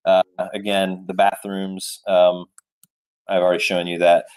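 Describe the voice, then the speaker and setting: A middle-aged man telling a chatty, animated travel story to a live chat, with many fillers and asides. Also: low voice, measured pace, clear, resonant tone. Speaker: travel vlogger.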